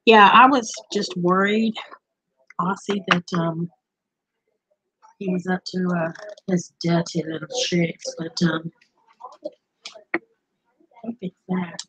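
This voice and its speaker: A woman's voice: fairly low pitch, fairly even intonation, slow, long pauses, a bit bright, dull audio, slight background noise. An older woman, a grandmother hosting a rambling, casual livestream chat with her viewers. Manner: chatty, rambling, talks to viewers and pets. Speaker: livestream host.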